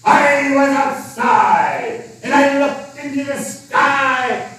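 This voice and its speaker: A man voicing a boastful old male pirate with a peg leg and a hook, growling and shouting his lines. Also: very high-pitched, expressive, very slow, some chatter behind, voice pushed up, exaggerated voice. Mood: blustering. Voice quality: growling "arr", shouted and sing-song. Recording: echoey hall from far off.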